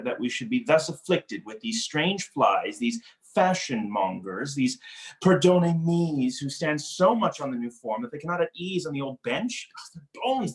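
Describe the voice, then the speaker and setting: A man reading the part of a witty, mocking young nobleman in a cold read of a stage play over a video call, with playful, animated delivery. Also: mid-range voice, lightly acted. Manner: playful, teasing, animated wordplay.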